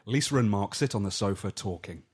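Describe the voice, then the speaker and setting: A man's voice: lowish voice, lively intonation, brisk, noisy background. A man co-hosting a comedy podcast, bantering and reading out stage directions. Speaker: podcast host. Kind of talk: casual comedy chat.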